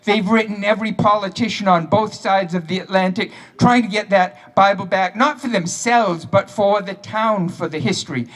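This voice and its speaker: A man with a high voice and a New England accent tells a town's history story to a crowd. His delivery is lively, with dry humor slipped in between the facts. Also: moderate pace, hardly any pauses. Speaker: local history speaker. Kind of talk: storytelling speech at a town ceremony.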